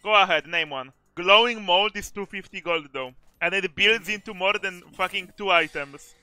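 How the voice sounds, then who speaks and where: Bright-voiced man ranting over gameplay. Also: sits high, moderate pace, clean tone, no room sound, faint music behind. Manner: blunt, swearing, ranting. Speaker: streamer. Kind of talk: casual gaming commentary.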